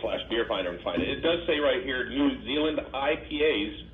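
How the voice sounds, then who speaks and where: Lively male radio co-host, thin sound. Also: medium pitch, normal speed, roomy sound, phone-quality sound. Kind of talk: casual radio banter.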